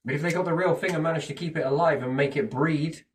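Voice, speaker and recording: A man's voice: on the high side, fast talker. A man talking in a casual, rambling monologue, swearing freely and asking himself questions, then answering them. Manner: animated, profane, speculative, asks himself questions and answers them. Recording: distant from the mic.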